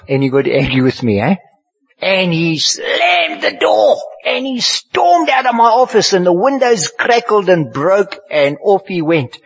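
Animated older preacher. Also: male voice, a little high, slightly rough. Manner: animated storyteller, swings from hushed to loud. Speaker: pastor. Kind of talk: sermon storytelling. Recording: dull lo-fi sermon recording.

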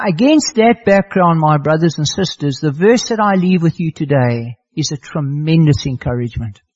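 A man's voice: on the high side, a little mellow, slightly rough. An older man preaching a sermon, telling a personal story in an earnest way and repeating phrases for emphasis. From South Africa. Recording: muffled lo-fi sermon recording.

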